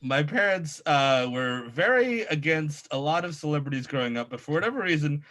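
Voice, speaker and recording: A stiff, nerdy young man reading a letter, as a man puts on the voice. The tone is bright and the delivery exaggerated. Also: on the high side, animated, fairly quick, voice pushed down.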